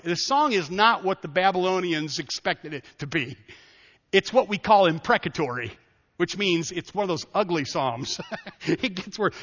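Bright-voiced man preaching in a hall. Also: high-pitched, normal speed. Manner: animated preaching with humor, swings from quiet to loud. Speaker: pastor. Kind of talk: sermon. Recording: dull audio with long hall reverb.

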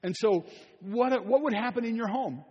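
A man's voice: very high voice, normal speed, slightly rough, in a large hall, lo-fi sound. An older man, a pastor, preaching a sermon in an earnest, pleading way, repeating his phrases for emphasis. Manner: earnest, repetitive, pleading delivery. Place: church sanctuary.

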